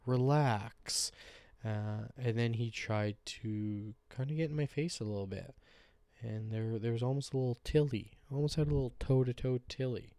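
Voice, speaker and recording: A man's voice: medium pitch, moderate pace, dark tone, no echo. A man hosting a solo podcast, chatting casually in a loose, rambling, joking way with some swearing. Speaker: podcast host. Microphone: podcast microphone.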